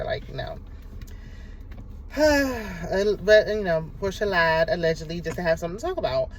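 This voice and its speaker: A woman's voice: on the low side, sing-song, moderate pace, long pauses, slight background noise, rough recording. A woman giving a casual, sassy recap of a reality TV episode, talking back at the cast as she goes. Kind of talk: casual show recap and commentary.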